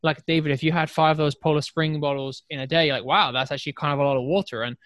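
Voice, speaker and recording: A man's voice: a little high, fairly even intonation, fast talker, fairly bright tone, no echo, studio quality. A man co-hosting a casual podcast chat, rambling and correcting himself, laughing often.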